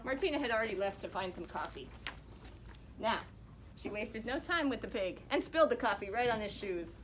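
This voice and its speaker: A woman reading a picture book aloud to children, expressive and asking them questions. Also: on the high side, fairly quick, background noise.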